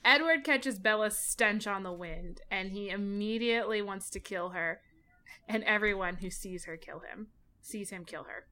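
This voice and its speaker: A woman's voice: medium pitch, moderate pace, bright, forceful tone. A woman co-hosting a casual book discussion in an exasperated, mocking way. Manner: exasperated, eye-rolling, mocking.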